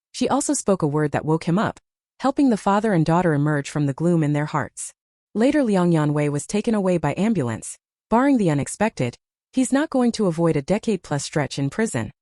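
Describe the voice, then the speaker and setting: A woman narrating a scripted story with an expressive reading. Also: lowish voice, no room sound, studio quality.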